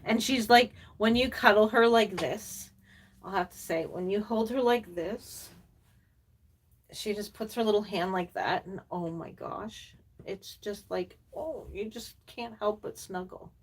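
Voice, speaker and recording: An older woman hosting a casual live stream, chatting and reading viewer comments, rambling with lots of fillers and laughs, sometimes dropping into soft cooing baby talk. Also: mid-range voice, a little slow, breathy edge, far from the mic. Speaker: reborn doll artist and collector hosting a live stream.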